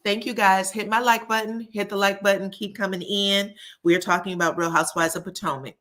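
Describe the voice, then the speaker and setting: A woman hosting a chatty, sassy recap of a reality show, talking straight to her viewers with quick asides. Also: medium pitch, steady tone, fairly bright tone. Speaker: host. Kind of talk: casual reality-TV recap commentary.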